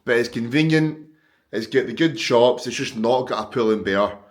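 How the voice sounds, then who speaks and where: A man's voice: medium pitch, normal speed, dry recording. A man with a Glaswegian accent, rambling casually and swearing freely to camera as a fitness vlogger. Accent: Scottish, Glaswegian. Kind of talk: casual vlog chat to camera.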